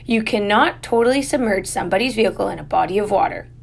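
A woman's voice: medium pitch, lively intonation, fast talker, creaky, husky. A woman voicing a stern, no-nonsense older great-aunt who scolds firmly. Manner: firm, scolding.

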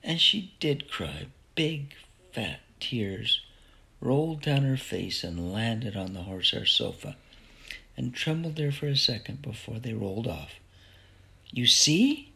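Gravelly male storybook narrator. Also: on the low side, sing-song, unhurried, sharp tone. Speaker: audiobook narrator.

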